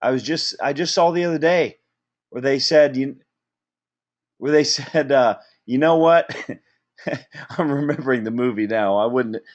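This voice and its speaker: A man giving a motivational business training talk, energetic and checking in with "okay?" and "right?" after nearly every point. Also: medium pitch, normal speed, pauses often, muffled recording.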